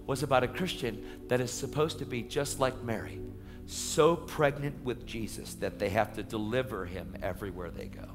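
Animated male preacher in echoey hall. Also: mid-range voice, normal speed, a faint crowd. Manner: animated, emphatic storytelling. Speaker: evangelist preacher. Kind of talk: sermon testimony. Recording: echoey hall with faint music.

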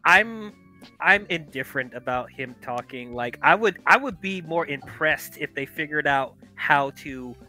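A man in a casual podcast chat, blunt and emphatic. His voice is bright and forceful, a bit high. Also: animated, measured pace, soft background music.

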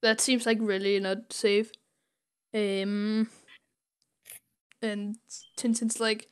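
A woman's voice: medium pitch, level tone, drawn-out words, pauses often, clear, resonant tone. A young woman co-hosting a podcast, retelling a comic story with many ums and little laughs, acting out the characters' lines. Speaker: podcast co-host.

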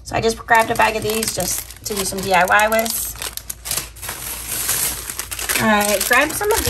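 In this casual haul video, an upbeat, chatty woman addresses her viewers as "you guys" and "y'all." Her somewhat high, slightly scratchy voice moves at a measured pace with frequent pauses.

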